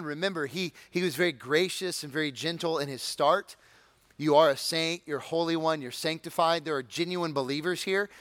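A man preaching a sermon as pastor, conversational and animated, with humorous asides and acted-out voices of excited listeners. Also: dry recording. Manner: animated, acts out excited congregants in high shouts.

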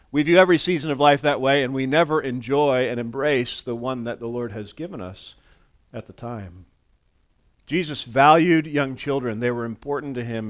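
A man's voice: medium pitch, a bit bright, dry recording. Conversational male pastor, dry close sound. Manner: conversational, repeats words when restarting, acts out quoted voices. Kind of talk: sermon.

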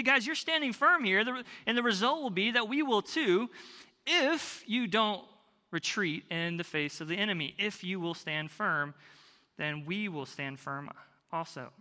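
A man's voice: high voice, sharp tone, big-room sound. A male pastor preaching a sermon in a church, often repeating and restarting words as he drives home his points. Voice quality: restarts and repeats words, stresses key phrases.

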